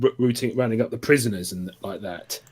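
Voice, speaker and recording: A man's voice: on the low side, a little fast, darkish tone, husky. A man in a casual comic review chat, sharing enthusiastic remarks.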